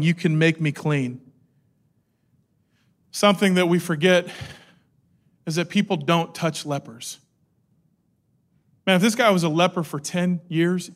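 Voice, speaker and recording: High-voiced energetic male preacher. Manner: energetic, animated storytelling with acted-out quotes. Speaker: pastor. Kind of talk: sermon.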